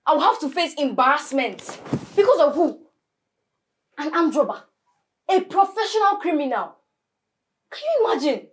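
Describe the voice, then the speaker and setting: A high, sharp-tongued teenage girl who heaps curses and scorn on her sister in a Nollywood film. Her comes through, and she stumbles over her words when she is heated. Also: very animated, normal speed, pauses often, a little hiss or hum. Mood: bitter ranting. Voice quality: scornful, cursing, stammering when worked up.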